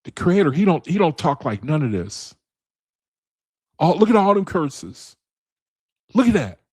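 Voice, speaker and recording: In a somewhat high, slightly mellow and husky voice with big pitch swings, a man leads a casual Bible study at a measured pace. Chatty and loose, he addresses viewers as brethren and man and keeps hammering the same point with repeated phrases. His voice is recorded dry and close, with no room echo.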